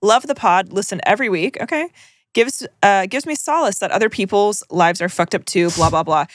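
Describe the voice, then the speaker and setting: A woman's voice: mid-range voice, brisk, no echo, clean studio sound. A young woman co-hosting a podcast, reading listener stories aloud with wry, sardonic asides. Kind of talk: casual chat, reading aloud.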